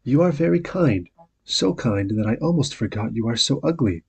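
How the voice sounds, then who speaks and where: A man voicing a kind, truthful young woman, speaking earnestly in a raised, husky voice. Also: medium pitch, animated, normal speed, warm tone. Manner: earnest, firm.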